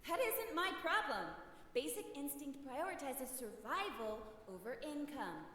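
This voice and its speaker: A raspy, brooding spirit girl in a game snaps at her visitor with sarcasm. Her voice sits high and leaps around, and it reaches us from a distance in a strongly echoing hall. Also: lively intonation, a little slow, pushed and bright, exaggerated voice. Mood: scornful. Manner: snappish, sarcastic. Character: young woman posing as a vengeful spirit, brooding and irritable. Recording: echoey, distant, faint noise behind.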